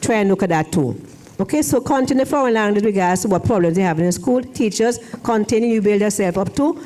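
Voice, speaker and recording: A woman's voice: medium pitch, animated, fast talker, warm tone. Rambling woman giving a speech. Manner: rambling, repeats and restarts phrases. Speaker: guest speaker, former foreign language officer. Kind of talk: ceremony speech. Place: church hall.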